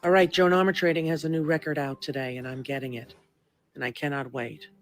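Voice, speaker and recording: A man rambling in a halting home video monologue, often clearing his throat. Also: a little high, level tone, soft background music.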